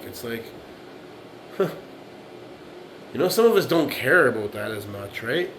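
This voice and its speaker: A man's voice: mid-range voice, slight background noise, rough recording. A man in his late forties giving a blunt, profane monologue, repeating himself and often asking "right?". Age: 40s. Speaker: vlogger. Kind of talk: casual monologue to camera.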